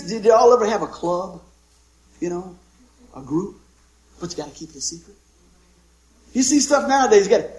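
High-voiced joking pastor in an echoey room. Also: male voice. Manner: folksy, joking storyteller with call-and-response amens. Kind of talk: sermon.

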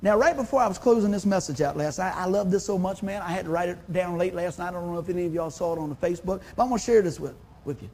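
A man's voice: sits high, fast talker, hardly any pauses, a little mellow. A man, preaching a sermon in a folksy, conversational way. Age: 50s. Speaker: pastor.

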